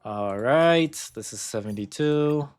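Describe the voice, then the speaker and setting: A man's voice: mid-range voice, animated, takes it slowly, a little hiss or hum. A man in casual gaming commentary, muttering counts and ranting in bursts of swearing. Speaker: gacha game content creator.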